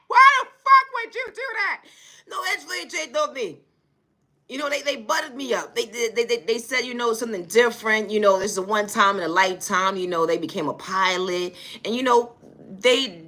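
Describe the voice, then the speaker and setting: Woman vlogger, lively bright voice, foul-mouthed comic rant, exasperated and laughing. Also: fairly high pitch. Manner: profane, exasperated, laughing often. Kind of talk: comedic storytelling rant.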